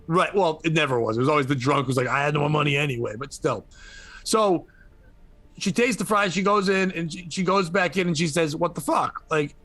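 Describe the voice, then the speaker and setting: A man with a slightly high voice tells a news story for laughs, swearing freely and acting out the people in it. The sound is dry and close, with no room around it. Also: brisk, fairly bright tone, dry recording. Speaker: podcast host. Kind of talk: comedic news commentary.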